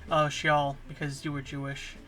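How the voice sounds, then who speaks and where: A man spinning an improvised comic ramble, his voice very bright and a touch high. He keeps restarting and filling gaps with um's as he goes. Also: completely flat delivery, normal speed, faint music behind. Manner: rambling, full of fillers and restarts. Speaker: comedy channel host.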